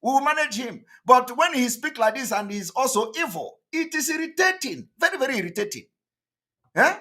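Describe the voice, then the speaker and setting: Man hosting, high voice, emphatic and repetitive commentary. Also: big pitch swings, pushed and bright. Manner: emphatic, repetitive, quick to laugh. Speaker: host of an online broadcast. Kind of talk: live commentary on a played interview.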